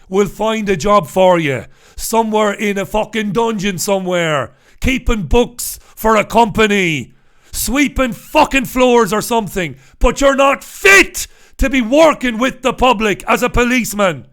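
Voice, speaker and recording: High-voiced man ranting angrily. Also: expressive, measured pace. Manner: heated ranting with heavy swearing, swings to shouting. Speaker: commentator reviewing newspapers. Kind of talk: angry solo commentary.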